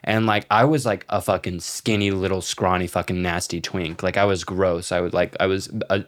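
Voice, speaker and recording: A young man with a fairly low voice tells stories on a casual podcast. He talks in an animated way, acts out what people said and swears freely. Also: moderate pace. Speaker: podcast co-host. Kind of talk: casual chat, storytelling.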